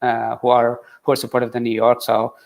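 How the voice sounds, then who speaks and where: A man telling his story in an interview, earnest and halting, with many fillers and restarts. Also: medium pitch, completely flat delivery, vocal fry, darkish tone. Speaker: interview guest, marathon runner. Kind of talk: conversational interview.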